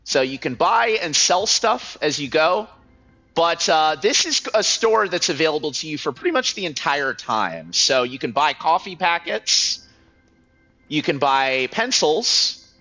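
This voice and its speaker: A man's voice: a little high, big pitch swings, a little slow, sharp tone. Chatty man commentating a game. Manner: chatty, rambling, self-deprecating. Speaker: let's play host. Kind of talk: gameplay commentary. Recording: slightly muffled, music faint.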